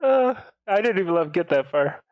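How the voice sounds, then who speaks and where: High-voiced man telling a prank story. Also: big pitch swings, a little fast, narrow, tinny audio, heavy background noise. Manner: acts out both sides of a story with quoted voices, laughing often. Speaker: podcast co-host. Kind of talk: casual chat, storytelling a prank call.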